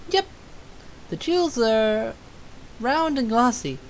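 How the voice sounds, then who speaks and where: A woman's voice: a little high, animated, slow, slight background noise, rough recording. A woman voicing a cheeky, flirtatious male unicorn as she reads game dialogue aloud, teasing and smug. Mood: scheming.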